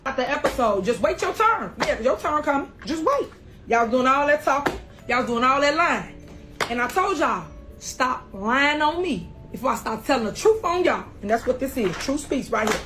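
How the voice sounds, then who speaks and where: A woman addresses her viewers directly as a podcast host and local official, her voice pitched high. She speaks slowly and deliberately, drawing out her words in a defiant tone. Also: big pitch swings, music in the background. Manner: slow, drawn-out, defiant. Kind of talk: direct-to-camera video address.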